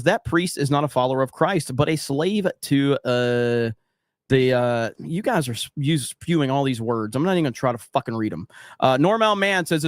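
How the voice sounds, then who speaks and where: A man's voice: medium pitch, no room sound. Blunt, profane man at a dry close mic. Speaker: podcast host reading live chat. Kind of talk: casual livestream chat and storytelling.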